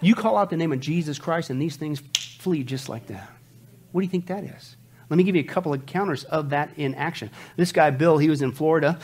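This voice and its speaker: A man preaching a sermon as pastor, emphatic, throwing rhetorical questions at the congregation and dropping from loud bursts to quiet asides. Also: brisk. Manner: swings from loud outbursts to low asides.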